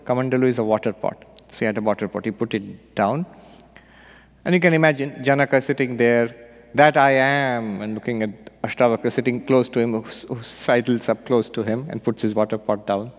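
A man, a monk and spiritual teacher, giving an unhurried meditation retreat talk with gentle storytelling and light humor. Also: medium pitch, steady tone. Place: retreat hall. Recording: long hall reverb.

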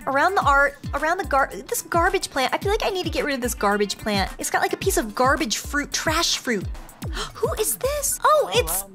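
A woman commentating on her life-simulation game, reacting with gasps and worried, excited exclamations. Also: sits high. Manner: excitable, gasping, fretful reactions. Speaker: let's play host. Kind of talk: gameplay commentary. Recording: game music behind voice. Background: game music.

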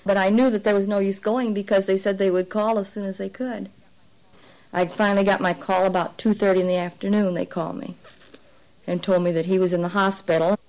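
A woman, a mother, speaking calmly and matter-of-factly in an interview. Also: mid-range voice, fairly quick, low-quality recording. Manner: calm, matter-of-fact. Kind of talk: interview testimony.

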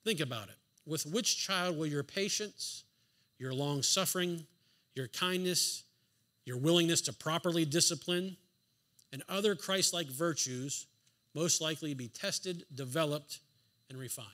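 A man's voice: on the high side, a little slow, bright, forceful tone. A man preaching a sermon in a church, driving home his points with emphatic rhetorical questions and the odd dry sarcastic aside. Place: church sanctuary.

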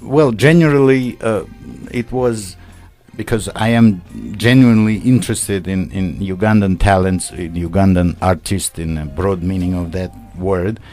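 An older man, a poet guest on a radio show, speaking haltingly with many fillers and formal wording. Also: sits low, darkish tone, soft background music. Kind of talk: radio interview. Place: radio studio.

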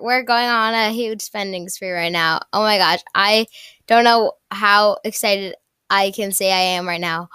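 Excitable young woman gushing over gameplay. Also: fairly high pitch, clean tone, dry recording, clean studio sound. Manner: excitable, gushing, repeats herself with many restarts. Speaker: gaming YouTuber. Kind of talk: casual gameplay commentary.

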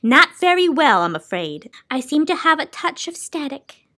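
A gentle, chatty keeper of sound, as a woman reader puts her on. She floats up high and soft, lilting and dreamy, a little lonely. A storybook figure from a read-aloud. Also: very animated, normal speed, exaggerated voice.

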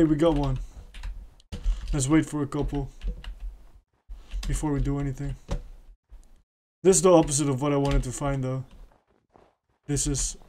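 A man's voice: medium pitch, mellow, a little hiss or hum. A man giving casual commentary while playing a video game, chatting to himself and the creatures he meets. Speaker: gamer streamer.

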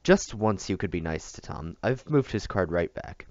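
A man voicing a spoiled, angry young girl in a storybook reading, shrill and indignant. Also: animated, moderate pace, darkish tone, no echo, dull audio.

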